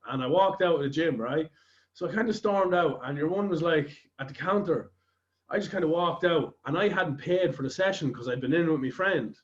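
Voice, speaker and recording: An Irish man with a fairly high voice tells a long anecdote on a podcast, peppering it with swear words. The sound is a bit dull and lo-fi. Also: fairly quick. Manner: swears freely, rambling anecdotes. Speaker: podcast host. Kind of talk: casual podcast chat, storytelling.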